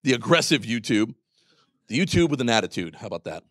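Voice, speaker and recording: A man ranting at a conference with biting sarcasm and the occasional curse, his pitch leaping around wildly. He's a very animated, fast-paced storyteller who slips into low mutters and then erupts in loud, high outbursts. The sound is dry and close, with no echo or room around it.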